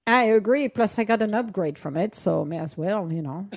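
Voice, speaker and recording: A woman's voice: medium pitch, animated, moderate pace, gravelly, a little mellow. Giggly woman chatting casually. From southern Minnesota. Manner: giggly, laughs often. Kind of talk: casual chat.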